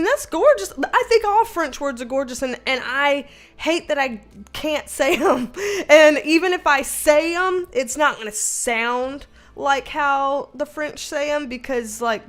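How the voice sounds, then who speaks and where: A woman's voice: high voice, measured pace. A woman with a Southern American accent, hosting a casual livestream, reading viewer comments and laughing often. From Southern United States. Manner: laughs often, chatty and slangy. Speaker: livestream host.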